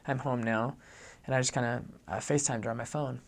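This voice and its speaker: Earnest young man with a gravelly voice. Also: medium pitch, steady tone, brisk. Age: young adult. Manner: earnest, acts out quoted dialogue. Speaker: returned missionary. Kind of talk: personal storytelling.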